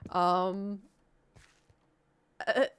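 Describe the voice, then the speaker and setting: A woman's voice: mid-range voice, flat delivery, drawn-out words, clean tone. A woman streaming, chatting casually and animatedly with her viewers. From United States. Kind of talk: casual chat with chat.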